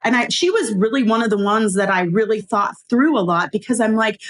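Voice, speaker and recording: A middle-aged woman, a guest on a podcast, telling a story in a casual, animated way, acting out quoted lines and laughing often. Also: fairly high pitch, brisk, hardly any pauses. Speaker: podcast guest, former preschool owner.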